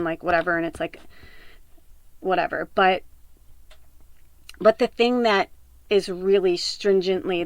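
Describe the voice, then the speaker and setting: A woman's voice: lowish voice, slight background noise. A woman podcast host, upset and close to tears, pouring out a raw, rambling monologue full of swearing and fillers. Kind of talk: emotional personal monologue.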